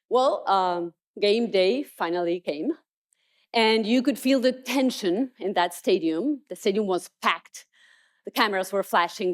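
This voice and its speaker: A woman motivational speaker telling stories emphatically in a keynote. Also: mid-range voice. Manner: storytelling, emphatic. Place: conference stage.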